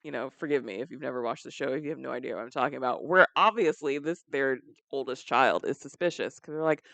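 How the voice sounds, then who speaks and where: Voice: medium pitch, fast talker, gravelly, hardly any pauses, a bit bright, no echo. A podcast co-host in casual chat, teasing the others and laughing often.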